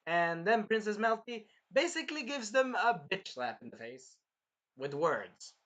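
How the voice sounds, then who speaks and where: A man recapping an anime episode in an excitable, rambling way, jumping between plot points. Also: sits high, a little slow. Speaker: anime reviewer.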